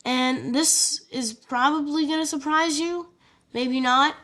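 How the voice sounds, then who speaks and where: A woman narrates an alternate-history map story slowly and loosely, sounding relaxed and unscripted with lots of fillers and joking asides. Her voice sits a little high as she chats casually through the map video.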